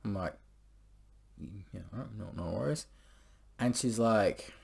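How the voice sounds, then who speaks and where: Low-voiced young man, crude rambling storyteller. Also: measured pace, vocal fry, pauses often, darkish tone, slightly rough. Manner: crude and rambling, heavy swearing and filler words. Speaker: vlogger. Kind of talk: casual storytelling monologue.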